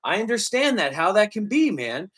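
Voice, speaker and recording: A man's voice: high voice, very animated, normal speed, a bit bright. A man live streaming, talking bluntly and lecturing the person he addresses.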